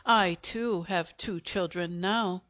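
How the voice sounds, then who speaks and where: Lady putting on a hot-tempered little french apothecary guy, shouty and indignant, slow, dull audiobook sound. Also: fairly low pitch. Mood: triumphant. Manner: ranting, indignant. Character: furious small male French apothecary.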